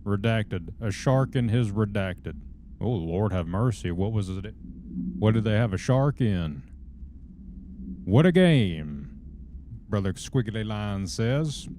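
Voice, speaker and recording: A man's voice: fairly low pitch, a little slow, background noise. A man with a Southern US accent giving folksy, drawling live commentary while streaming a game. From southern United States.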